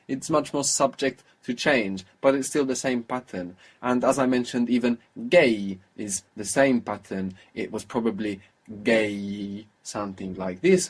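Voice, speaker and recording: A man teaching a language lesson, patiently prompting his student with questions and repeating the answers. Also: medium pitch.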